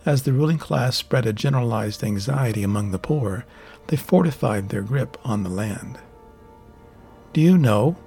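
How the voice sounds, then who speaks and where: Gravelly male audiobook narrator. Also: medium pitch, moderate pace, a little mellow, soft background music. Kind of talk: scripted fantasy narration.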